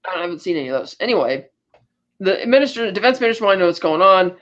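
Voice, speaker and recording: A man's voice: high-pitched, sing-song, fairly bright tone, dull audio. A man co-hosting a podcast, casually retelling film scenes and acting out the lines as he goes. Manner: retells scenes acting out quotes in quick asides. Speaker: podcast co-host.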